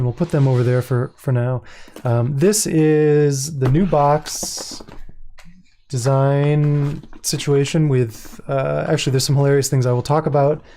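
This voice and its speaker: A man talks through a product launch in a loose, chatty way, amused by his own asides. His voice has a mellow, soft tone. He thinks out loud as he goes. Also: medium pitch, vocal fry. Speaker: independent publisher and host. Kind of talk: casual livestream product launch.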